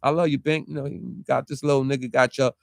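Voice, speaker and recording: In a confrontational rant in street-talk style, a male online commentator shoots rapid-fire rhetorical questions and mocks his target with quoted voices. His mid-range voice stays steady and creaky. The sound is clean studio audio with no room sound.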